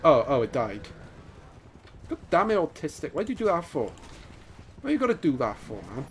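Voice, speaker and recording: Excitable man commentating gameplay. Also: a little high, moderate pace, a little hiss or hum. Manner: excitable, laughing, taunting opponents. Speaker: gaming YouTuber.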